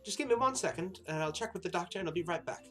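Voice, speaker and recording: A man's voice: high-pitched, animated, racing, bright, forceful tone, voice pushed up. A polite female nurse at the front desk of an old asylum, as a man puts her on. Her would-be British lilt keeps drifting Southern. Faint music plays underneath. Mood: helpful. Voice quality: accent slips into Southern.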